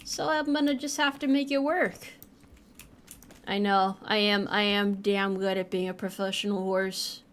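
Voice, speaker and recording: In an unhurried, steady voice of medium pitch, a young woman chats while streaming a game. She's playful and full of jokes, swearing casually throughout.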